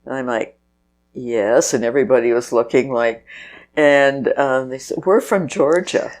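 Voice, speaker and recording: A woman's voice: rumbling low, steady tone, unhurried, darkish tone. An older woman, a guest on an interview show, telling stories in a chatty way and laughing as she goes. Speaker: guest, festival organizer. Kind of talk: casual interview storytelling.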